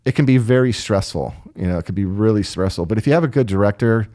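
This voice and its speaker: A man's voice: on the low side, fast talker. A man telling work stories in a loose, casual chat. He jumps between his own voice and impressions of the people he describes, stumbling and restarting as he goes. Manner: animated, acts out voices in anecdotes, frequent restarts. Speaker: guest line producer.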